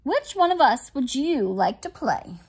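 A woman's voice: high-pitched, measured pace, slightly rough, exaggerated voice. A woman voicing a patient, sensible female fox in a storybook reading. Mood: calm. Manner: calm, patient, reasonable.

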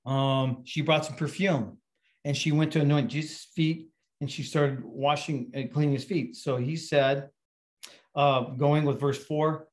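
Middle-aged man, pastor; relaxed sermon delivery, chatty and anecdotal, voice sits a bit high. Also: a little slow. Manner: casual, storytelling with fillers and restarts. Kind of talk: conversational sermon.

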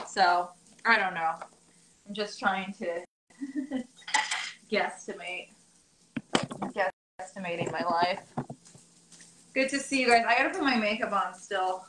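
Cooking on a live stream in her home kitchen, a young woman chats and rambles, laughing a lot. She talks at normal speed with frequent pauses in a fairly high, fairly bright voice, over echoey dish clatter, clinking cutlery and a little hiss or hum.

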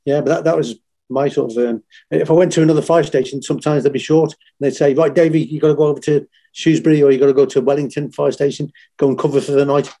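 A man's voice: fairly high pitch, fast talker. Sweary Liverpool veteran in his fifties. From England. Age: 50s. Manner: blunt, swears freely, animated when quoting others. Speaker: interview guest, former Royal Marine and firefighter. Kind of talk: casual storytelling.

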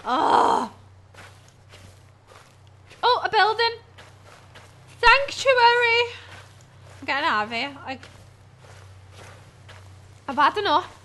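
Casting: woman, very high bright voice, skittish horror-game commentary, swears and yelps. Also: big pitch swings, slow pace, pauses often. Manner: jumpy, swears and screams at scares. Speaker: gamer. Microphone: headset.

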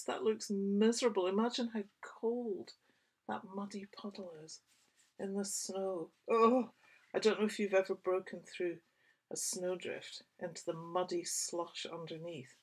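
A woman children's author reads a picture book aloud to little ones, asking them gentle questions along the way. She talks slowly in a mid-pitched voice with a slightly husky edge. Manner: gentle, questioning the young listeners.

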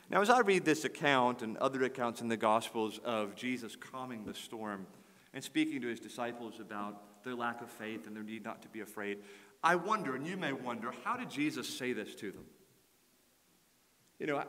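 A man preaching a sermon as pastor, earnest and building to forceful emphasis. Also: fairly high pitch, big-room sound. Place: church sanctuary.

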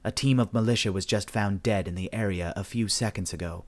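A man's voice: on the low side, fairly quick, a little mellow, natural voice. A man voicing an alien hacker who reports news in a subdued, matter-of-fact way. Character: alien male hacker, calm and informative.

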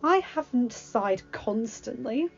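A woman's voice: mid-range voice, fast talker, dark tone, close to an everyday voice. A woman voicing a young, earnest prince who is sheepish about being in love. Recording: dull lo-fi recording, faint music.

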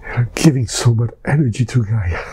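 A hypnosis client speaking under trance, emotional and tearful, with halting, often whispered phrases. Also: mid-range voice, mellow, breathy edge.

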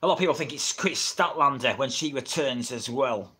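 A middle-aged English man hosts a wrestling livestream from home, chatting casually, rambling and laughing a lot. His medium-pitched voice is brisk, pushed and bright, slightly rough, and he's recorded only on a built-in camera mic rather than a dedicated microphone.

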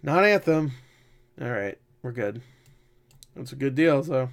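Excitable guy going over game prices, mid voice, cusses and laughs a lot. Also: medium pitch, measured pace, gravelly, long pauses. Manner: excitable, swears, laughs often. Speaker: gaming vlogger. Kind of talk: casual commentary.

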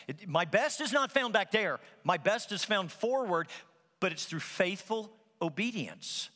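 Guy preaching a sermon, kinda high bright voice, lots of acted-out bits, big echoey church hall. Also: unhurried. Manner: animated storytelling with acted-out quotes. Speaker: pastor.

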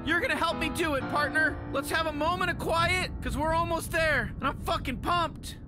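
A man's voice: very high-pitched, normal speed. A man voicing a small, hot-tempered male alien monster who swears constantly and rambles in stammering outbursts in game dialogue. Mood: earnest. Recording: game audio under loud music. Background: loud game music.

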